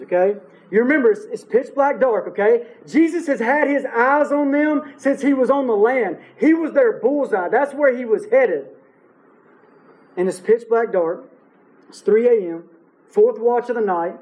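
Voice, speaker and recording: A man's voice: very high voice, moderate pace, highs cut off. A man preaching an expository sermon, stressing key phrases by repeating them and asking his listeners rhetorical questions. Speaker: pastor.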